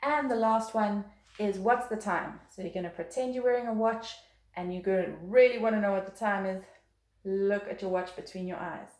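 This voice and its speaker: A woman's voice: medium pitch, normal speed, a little mellow. A woman teaching a beginner violin lesson, patient and encouraging, counting rhythms aloud. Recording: roomy echo.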